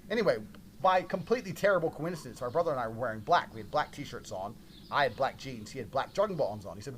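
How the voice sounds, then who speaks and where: Fast-talking, foul-mouthed man telling a story. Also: medium pitch, slight background noise. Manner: swears a lot, blunt and animated. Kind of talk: casual anecdote telling.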